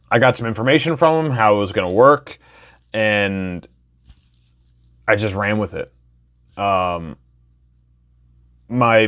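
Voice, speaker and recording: A man's voice: lowish voice, a bit bright. A man in his thirties from Wisconsin telling his personal story in a candid, enthusiastic, casual way. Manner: candid, enthusiastic, loose with fillers. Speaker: podcast host.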